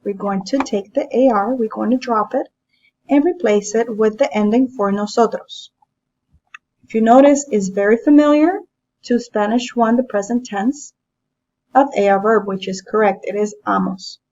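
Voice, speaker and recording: A woman teaching a language lesson, explaining grammar step by step in a patient, measured way. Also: a little high, a little mellow, muffled recording. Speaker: Spanish teacher. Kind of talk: classroom lesson narration.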